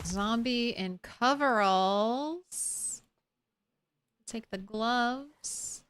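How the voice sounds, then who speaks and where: A woman's voice: a little high, extremely slow, fairly bright tone, clear, resonant tone. A woman streamer chatting casually while she plays, thinking aloud and laughing easily. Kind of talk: casual gameplay commentary.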